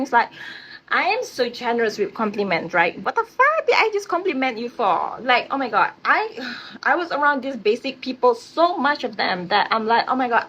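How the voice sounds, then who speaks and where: A woman's voice: a little high, a bit bright, breathy edge. Blunt, profane woman venting on a vlog. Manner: blunt, profane and emphatic, with repeated "right?". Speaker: vlogger. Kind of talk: casual rant to camera. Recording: slightly muffled audio with faint hiss.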